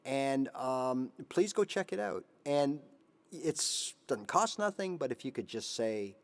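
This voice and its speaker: A man in his fifties who hosts a guitar channel, giving animated motivational advice on a live stream and now and then singing a line. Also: mid-range voice, takes it slowly. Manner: animated, sings snippets, voices his inner brain. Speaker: guitar teacher, channel host.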